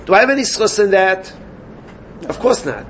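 A man teaching a Gemara class, animated and questioning his students. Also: sits high, moderate pace, slight background noise. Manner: animated, questioning students, mixes Yiddish and Hebrew terms. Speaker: Talmud teacher.

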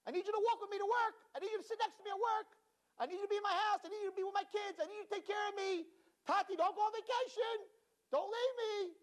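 A frightened child begs a parent not to go away, in a thin, urgent, pleading voice pitched far above the man acting it out. The pleading never lets up. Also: fast talker.

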